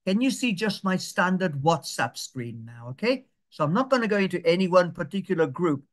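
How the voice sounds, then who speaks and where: A very animated man with a high voice gives a patient digital skills tutorial over video call. He breaks it into steps, repeats them slowly, and checks in to see whether people are keeping up.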